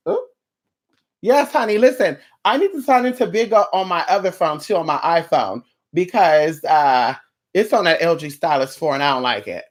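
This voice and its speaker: A sassy streamer chats loosely with the live audience, stretching out endearments like honey and girl and swearing freely. The voice sits at an ordinary middle pitch, and the talk drifts from topic to topic. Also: expressive. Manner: sassy, campy, drawn-out endearments, frequent profanity; chatty, rambling from topic to topic. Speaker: live streamer greeting chat viewers. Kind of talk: casual live-stream chat.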